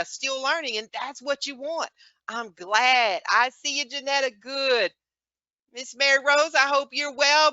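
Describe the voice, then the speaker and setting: A woman with a Southern US accent leads an online class in a bright, sharp-edged voice, checking in constantly with her students. The sound is dry and close, with a dull lo-fi quality like a web meeting. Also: sits high, clear, resonant tone, dry recording. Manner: tags nearly every point with "okay?" or "all right?". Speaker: medical coding instructor. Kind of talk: live online class lecture.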